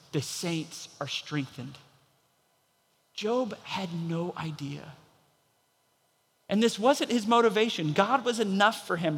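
A man's voice: high-pitched, fairly bright tone, big-room sound. A man preaching a sermon as pastor, telling a story and acting out the voices of the people in it.

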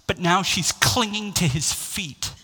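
High, bright-voiced preaching man. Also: measured pace, slightly rough. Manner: impassioned, builds to raised exclamations. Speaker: pastor. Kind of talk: sermon. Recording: long hall reverb.

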